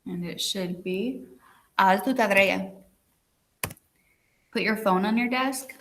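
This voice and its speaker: A woman's voice: mid-range voice, takes it slowly, a bit bright, a little hiss or hum. A woman teacher giving a recorded video lesson, chatty and checking in with her students with frequent "okay"s.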